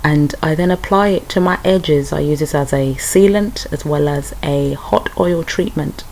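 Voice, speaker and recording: A woman's voice: sits low, moderate pace, darkish tone, slight background noise, poor audio. A young British woman chatting through a hair care tutorial, talking straight to her viewers. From United Kingdom. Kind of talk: casual tutorial.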